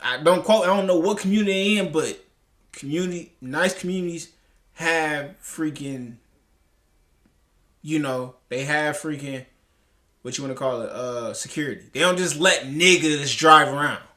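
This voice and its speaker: A man's voice: fairly high pitch, normal speed, sharp tone. A man reacting to a clip, talking in a heated, profane, rambling way with many restarts. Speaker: commentary host. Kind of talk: reaction commentary.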